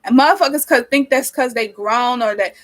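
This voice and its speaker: Young woman, 19, slightly high voice, blunt and sweary, rambling vlog chat with a sniffly nose. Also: moderate pace, rough recording. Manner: frank and rambling, heavy swearing, venting. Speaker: vlogger. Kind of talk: casual chat while doing her hair. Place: small cold bedroom with a space heater running.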